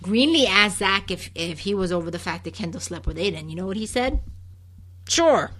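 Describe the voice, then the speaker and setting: Animated, gossipy woman with a lively voice. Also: medium pitch, quick pace. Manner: animated, gossipy, quotes characters in exaggerated voices. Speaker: podcast co-host. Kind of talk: casual chat recapping a soap opera.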